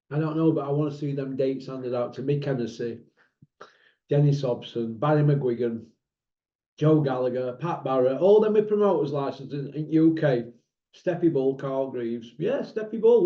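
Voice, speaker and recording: A man's voice: on the high side, a little mellow. A man hosting a boxing talk channel, blunt and mocking, asking rhetorical questions in a casual monologue. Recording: echoey room, dull lo-fi sound.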